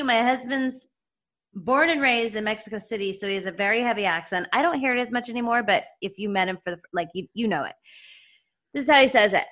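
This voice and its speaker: Co-hosting a podcast in relaxed, chatty conversation, a Southern US woman in her forties laughs readily. She speaks a little high, with a pushed, bright quality.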